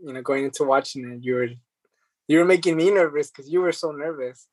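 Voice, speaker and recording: A man speaking as a podcast guest in casual chat, laid-back and a little halting. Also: fairly high pitch, dry recording, poor audio.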